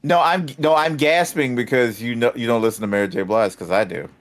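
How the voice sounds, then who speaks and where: A man co-hosting a casual podcast, relaxed and jokey, often affirming others. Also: medium pitch, a little fast. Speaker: podcast co-host. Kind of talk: casual chat.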